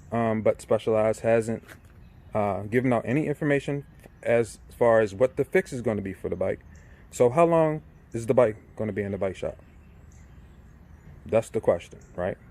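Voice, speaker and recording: A man's voice: mid-range voice, darkish tone. A middle-aged man in an irate, casual rant, repeating himself, swearing and often asking "right?". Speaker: vlogger. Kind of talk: casual ranting monologue.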